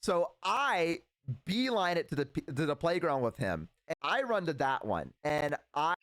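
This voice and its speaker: A streamer telling a long story in casual, rambling chat. His voice sits a bit high. The sound is dry and close. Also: moderate pace, no room sound. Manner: rambling, animated with many fillers.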